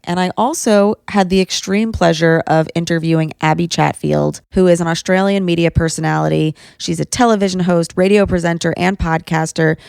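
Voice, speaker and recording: A woman hosting a podcast, chatting in a bubbly, chatty way that is quick to laugh, recorded in a studio. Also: lowish voice, gravelly, a little mellow, clean tone, dry recording. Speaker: podcast host. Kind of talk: casual chat.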